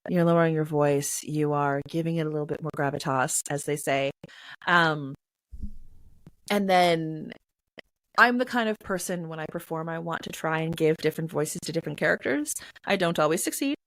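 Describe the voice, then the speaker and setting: A woman guest in an interview, explaining in a chatty, animated way with many filler phrases. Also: deep voice, moderate pace, dry recording, low-quality recording. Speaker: poetry reader and performer, interview guest.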